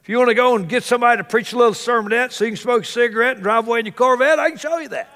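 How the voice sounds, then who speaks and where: High-voiced preacher in a reverberant church. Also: male voice, very fast. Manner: swings between loud exclamations and hushed asides. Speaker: pastor. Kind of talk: sermon. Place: church sanctuary.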